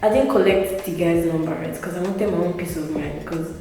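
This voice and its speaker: A woman's voice: on the low side, a little fast, gravelly, far from the mic, music in the background. Chatty young woman in an echoey room. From Africa. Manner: chatty, filler-heavy, frequent "like" and "right", laughing asides. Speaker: interview guest. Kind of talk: casual storytelling.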